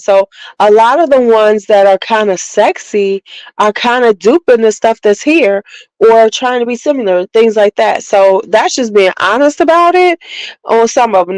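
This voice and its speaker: A woman's voice: fairly high pitch, a little mellow, no echo, low-quality recording. A woman from Chicago hosting a casual beauty livestream, chatting candidly, rambling and greeting viewers by name.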